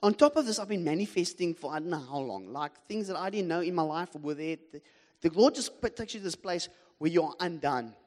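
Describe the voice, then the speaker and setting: A man's voice: fairly high pitch, lively intonation, fairly quick, darkish tone. A man with a South African accent preaching a sermon, telling a story with animation and humor and putting questions to the congregation. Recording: long hall reverb.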